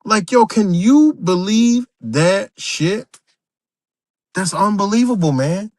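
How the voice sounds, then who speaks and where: A man's voice: high-pitched, expressive, slow, no echo, clean studio sound. A man hosting a livestream, ranting unscripted, profane and emphatic, repeating himself and talking straight to his viewers. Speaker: livestream host.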